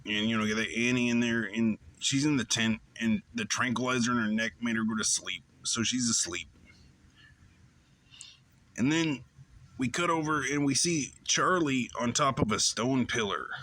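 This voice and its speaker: A man's voice: medium pitch, normal speed, pushed and bright. A man hosting his show, giving a loose, rambling recap of a TV episode with plenty of fillers. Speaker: show host.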